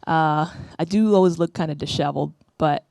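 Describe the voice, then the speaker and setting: A stand-up comedian in her 30s from the Bronx, New York, does a rambling, self-deprecating routine into a stage mic at a comedy club, often asking "right?" Her voice is low-pitched, brisk, gravelly, and darkish in tone. There's no echo.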